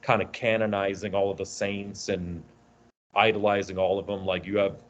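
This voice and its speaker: A man's voice: fairly low pitch, level tone, moderate pace. A man co-hosting a casual podcast, rambling through tangents and swearing freely. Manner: rambling, profane, tangent-prone. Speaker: podcast co-host. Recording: dull lo-fi audio.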